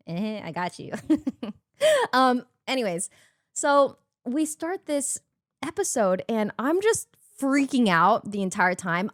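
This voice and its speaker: A young woman, a streamer and podcast host, telling a story in casual chat and acting out her own reactions. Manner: animated, jumps high when acting out her own reactions.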